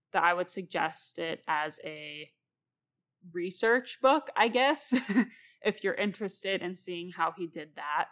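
Woman rambling about her novels, lowish voice, laughs a lot, close mic. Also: a bit bright. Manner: chatty, rambling, laughs often. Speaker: podcast host and novelist. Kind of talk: casual solo talk about writing.

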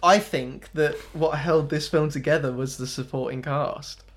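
A man co-hosting a casual film review chat, animated and incredulous, who swears freely as he argues his view. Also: on the high side, unhurried. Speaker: podcast co-host.

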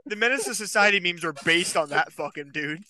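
Man, very bright sharp voice, lively pitch, crude teasing quips. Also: fairly quick. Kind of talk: casual podcast banter.

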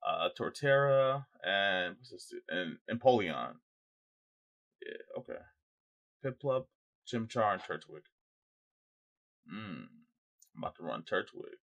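A man's voice: lowish voice, very animated, a little slow, long pauses, fairly bright tone, lo-fi sound. A young man co-hosting a podcast, talking casually in a loose, profane, joking way. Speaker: podcast co-host.

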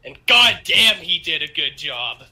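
A man co-hosting a casual podcast chat, excitable and emphatic, swearing often. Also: a little high, measured pace, a little hiss or hum.

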